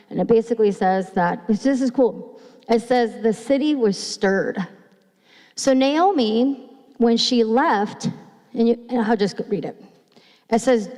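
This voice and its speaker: A woman pastor giving a sermon in a church, reading scripture slowly and retelling it, sounding nervous and restarting phrases. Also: on the high side, darkish tone. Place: church sanctuary. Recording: long hall reverb.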